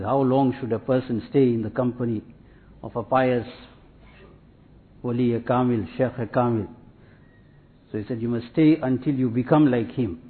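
An Islamic preacher with a medium-pitched voice gives a sermon in a measured, repetitive cadence, telling anecdotes. The audio is tinny and phone-like.

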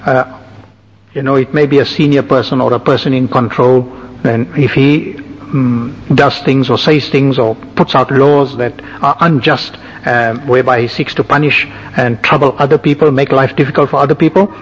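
A man giving a sermon, calmly listing and explaining numbered points to his listeners. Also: mid-range voice, moderate pace, breathy edge. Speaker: religious teacher. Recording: dull, echoing hall recording.

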